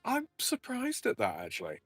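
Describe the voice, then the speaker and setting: A man's voice: extremely high pitch, wildly swooping pitch, normal speed, a bit bright, breathy edge, no echo, faint music behind. A man in casual stream chat, wry and dry, who stammers on his starts.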